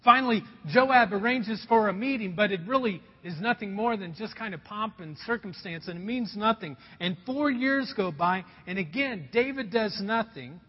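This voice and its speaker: The sermon comes from a pastor in Indiana whose voice sits high, with lively intonation, a moderate pace, few pauses, and a slightly rough texture. He earnestly tells a personal story, calling his listeners folks. The recording is dull, with long reverb from the hall.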